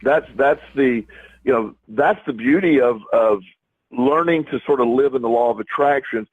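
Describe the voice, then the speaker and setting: A man's voice: medium pitch, moderate pace, husky, dry recording. A middle-aged man co-hosting a podcast in casual chat, rambling with many restarts and repeated words, heard over a tinny phone-like line. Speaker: podcast co-host.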